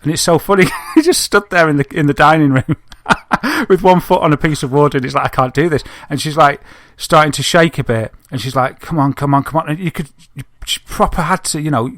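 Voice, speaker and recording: A man, co-hosting a podcast and telling an animated story, laughing often. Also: a little high, fairly quick, few pauses, dry recording, clean studio sound. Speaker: podcast co-host. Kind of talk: casual chat, telling an anecdote.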